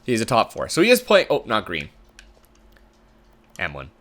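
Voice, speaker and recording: Lively man thinking aloud over a game. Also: normal speed. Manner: thinking aloud, chatty, swinging pitch. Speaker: gamer commentator. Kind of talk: casual game commentary.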